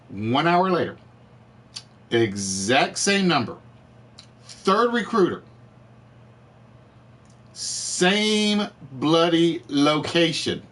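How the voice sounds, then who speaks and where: A man hosting a live game show stream, ranting to his chat in an animated, exasperated way, his voice cracking. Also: on the high side. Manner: animated, exasperated storytelling with repetitions. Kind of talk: casual rant to live chat.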